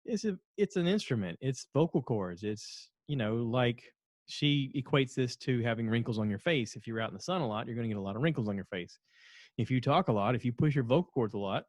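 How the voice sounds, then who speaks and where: A man's voice: medium pitch, no room sound, clean studio sound. A middle-aged man hosting a solo podcast, chatting casually in a rambling, self-deprecating way. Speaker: podcast host.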